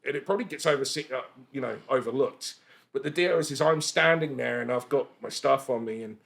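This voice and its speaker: A man in his forties, a podcast guest telling stories in a casual, animated way, laughing and swearing freely. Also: mid-range voice, a little fast, creaky. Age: 40s. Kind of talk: casual storytelling chat.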